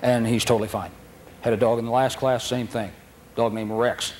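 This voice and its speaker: A man's voice: mid-range voice, little pitch movement, moderate pace, darkish tone, slight background noise. A man teaching a dog training seminar, telling stories with frequent laughs and acting out the dogs and handlers. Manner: anecdotal, laughs often, acts out dogs and handlers. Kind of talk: seminar lecture.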